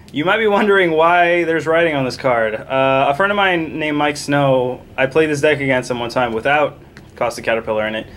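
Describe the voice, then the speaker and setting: A man's voice: mid-range voice, a bit bright, slight background noise. A young man casually walking through a card game deck, rambling, correcting himself and chuckling along the way. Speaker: deck tech presenter.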